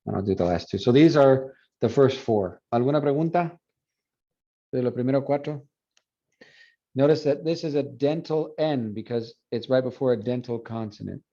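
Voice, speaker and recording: A man teaching a phonetics class review, explaining and repeating words slowly to model pronunciation. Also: medium pitch, mellow. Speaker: Spanish phonetics instructor. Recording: dull lo-fi classroom recording.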